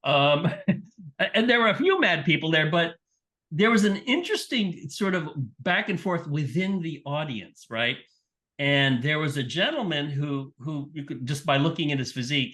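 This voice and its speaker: Guesting on a podcast, a middle-aged man who works as a sports nutrition scientist is an animated storyteller in casual interview storytelling, performing the voices of the people he quotes. He speaks at a moderate pace in a voice on the high side.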